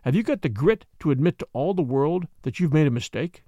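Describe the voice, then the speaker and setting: A man reading aloud and voicing a grim, blunt older millionaire father in a lowered voice. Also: expressive, fairly quick, warm tone, no echo, studio quality, natural voice.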